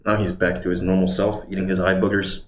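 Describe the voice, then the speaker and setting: Deep-voiced guy rambling to himself on a stream, echoey room w/ faint hum. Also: flat delivery, fast. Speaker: live streamer. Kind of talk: casual livestream chatter. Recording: roomy echo with faint background hum.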